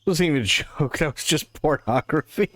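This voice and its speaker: A man's voice: a little high, normal speed, fairly bright tone, no echo. A man live-streaming a game, chatting casually to viewers and telling wry jokes. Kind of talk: casual live gameplay chat. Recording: clear game music behind.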